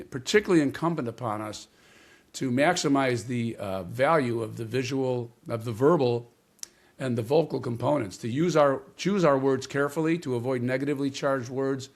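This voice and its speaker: A man as an interview guest, explaining communication ideas in a measured way and stressing key words. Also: mid-range voice. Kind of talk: interview conversation.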